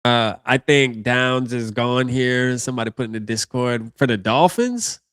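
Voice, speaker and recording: A man's voice: mid-range voice, a little slow, fairly bright tone, clear, resonant tone, no room sound, studio quality. A man hosting a live reaction stream, talking casually in slang and thinking aloud as he goes.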